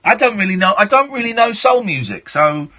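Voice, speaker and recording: A man's voice: high-pitched, very animated, a little fast, bright, forceful tone. A man in his forties with an English accent, hosting a late-night radio phone-in, chatty and frank, often restarting his sentences. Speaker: radio host. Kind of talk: late-night call-in chat. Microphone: studio mic.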